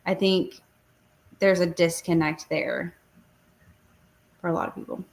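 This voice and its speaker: A woman in casual talk-show chat, telling stories in an animated way and acting out what people said. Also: on the low side, unhurried. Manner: animated storyteller, acts out quotes.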